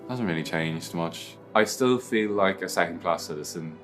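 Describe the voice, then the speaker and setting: A man's voice: deep voice, normal speed, fairly bright tone, soft background music. A man with an Irish accent, speaking firmly and plainly to camera. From Ireland. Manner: firm, plain-spoken. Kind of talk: personal testimony to camera.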